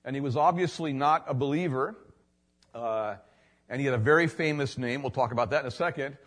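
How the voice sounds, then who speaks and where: A man's voice: mid-range voice, a little fast, a bit bright. A male pastor telling a story in a sermon, chatty and conversational with lots of fillers. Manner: conversational, filler-heavy, tells anecdotes.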